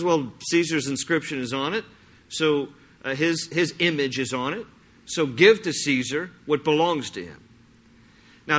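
Male pastor, sermon delivery, bright forceful tone, explains scripture with animated readings. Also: on the high side.

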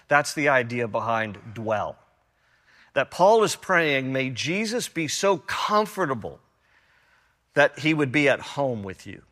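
Bright-voiced preacher in a reverberant hall. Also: male voice. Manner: animated storytelling, rising loud and high in anecdotes, dropping soft for reflection. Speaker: pastor. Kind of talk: sermon.

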